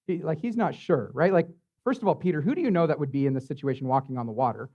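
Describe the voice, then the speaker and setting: A man with a high voice preaches a sermon as the church's pastor. He talks in a relaxed, chatty way, leaning on fillers and asking his listeners "right?" along the way. The sermon recording is muffled and lo-fi. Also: fast talker. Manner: conversational, filler-heavy preaching with tag questions.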